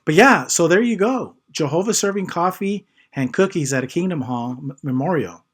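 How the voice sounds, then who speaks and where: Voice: medium pitch, expressive, normal speed, breathy edge. A host in a casual chat who makes emphatic points and keeps the conversation moving. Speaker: channel host.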